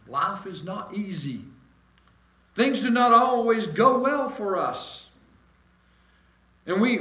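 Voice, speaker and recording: An American man preaching a sermon in a folksy, dramatic way, swinging from loud emphasis to hushed tones. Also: sits high. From United States. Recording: echoey room.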